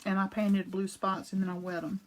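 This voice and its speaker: On a low-quality recording with slight background noise, a woman speaks a little fast in a mid-range, level-toned voice. She's hosting a casual live-streamed craft demo from her home art studio, sucking on a cough drop and greeting viewers by name along the way. Her talk is chatty and rambling, with many restarts and side comments.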